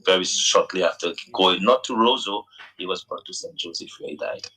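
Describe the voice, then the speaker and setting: A man from Dominica on a radio talk show, speaking earnestly and haltingly, often repeating words as he searches for the phrasing. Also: sits low, bright, forceful tone, slightly rough, rough recording. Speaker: guest recounting a roadside accident. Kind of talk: radio phone-in conversation.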